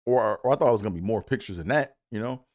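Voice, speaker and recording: A man's voice: lowish voice, lively intonation, racing, a little mellow, no room sound, clean studio sound. A man from Maryland telling a loose, profane childhood story with lots of fillers and restarts. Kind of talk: casual comedic storytelling.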